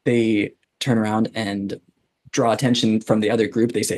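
A man running a tabletop game as game master, narrating slowly and deliberately, with relaxed laughs. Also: lowish voice, no room sound.

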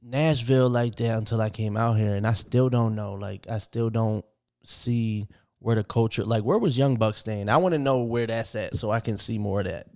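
A man's voice: fairly low pitch, fairly even intonation, moderate pace, darkish tone. A man co-hosting a casual podcast chat, trading laid-back, laughing banter. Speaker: podcast co-host.

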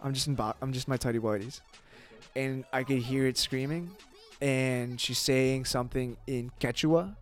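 A man, a podcast guest, telling a personal story in casual talk, animated, with lots of fillers and swearing. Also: medium pitch, moderate pace, soft background music.

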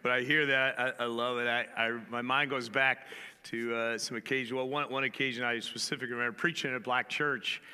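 Male pastor, bright forceful voice, easygoing humorous storyteller, long church-hall reverb. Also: medium pitch, flat delivery, brisk, clear, resonant tone. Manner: humorous storytelling, acts out dialogue. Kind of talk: conversational sermon.

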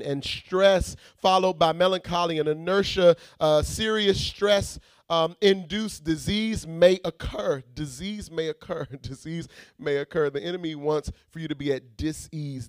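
A man preaching a sermon, swinging from shouted prayer to quiet teaching and calling out to the congregation. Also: sits high, clear, resonant tone, dry recording, clean studio sound. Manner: calls out to the congregation.

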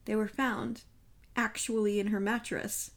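A woman voicing an earnest male companion who speaks impatiently and protests quickly. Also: mid-range voice, level tone, natural voice. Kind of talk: audiobook character reading.

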